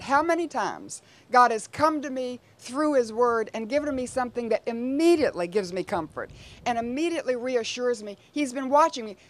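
A woman's voice: sits high, slight background noise. Woman preaching a conversational sermon. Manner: conversational preaching with rhetorical asides.

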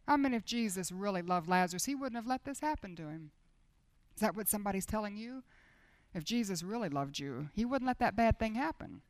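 A woman preaching a sermon with intense feeling, swinging between loud urging and hushed, almost whispered lines. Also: mid-range voice, lively intonation, normal speed, no echo. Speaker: speaker at a Christian women's gathering.

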